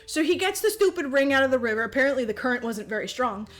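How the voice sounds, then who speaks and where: A woman's voice: high-pitched, animated, quick pace. A woman podcast host giving a casual comedic movie recap, rambling, swearing freely and laughing as she talks. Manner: profane, rambling, laughs often while telling.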